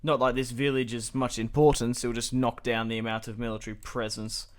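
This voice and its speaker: Young guy chatting through a strategy game, relaxed, talks it out as he goes. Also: medium pitch, fairly quick. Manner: chatty and relaxed, thinking aloud, with light laughs. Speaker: channel host, gameplay commentator. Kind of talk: casual strategy game commentary.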